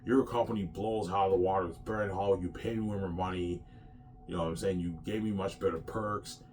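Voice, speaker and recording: A man's voice: deep voice, steady tone, fast talker, a little mellow, soft background music, close to an everyday voice. A man acting out a male movie star who pleads to be cast. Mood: pleading. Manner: pleading, wheedling.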